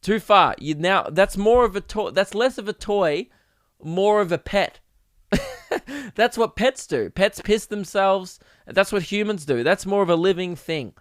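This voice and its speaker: A young man from Australia rambling through a casual comedic podcast monologue, animated and swearing freely. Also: high voice, a little slow, no room sound, studio quality. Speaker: podcast host. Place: home podcast setup.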